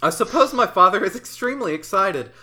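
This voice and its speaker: A woman co-hosting a podcast, reading a forum post aloud in a deadpan way and laughing between lines. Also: mid-range voice, a little fast, slight background noise. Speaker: podcast co-host.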